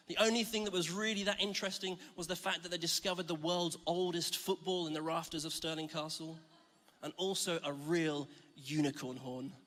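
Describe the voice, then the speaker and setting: Bright-voiced male preacher in a hall. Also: high-pitched. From Scotland. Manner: chatty, self-mocking humor. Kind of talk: sermon. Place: large church hall. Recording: reverberant church hall.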